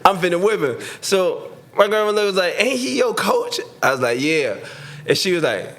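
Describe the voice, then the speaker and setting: Animated storytelling man, slang. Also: high voice, fairly quick, a little hiss or hum. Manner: animated, slangy, acts out voices in his story. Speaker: podcast guest, former pro football receiver. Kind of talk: casual storytelling.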